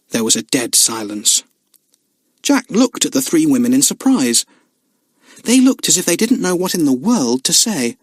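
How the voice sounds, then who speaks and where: A man's voice: a little high, moderate pace, no room sound. A man narrating a children's book expressively. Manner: expressive storytelling. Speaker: audiobook narrator.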